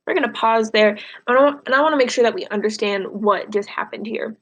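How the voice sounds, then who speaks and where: A woman's voice: fairly high pitch, quick pace, few pauses. A woman teacher reading a novel aloud and stopping to explain it in a casual way, with fillers.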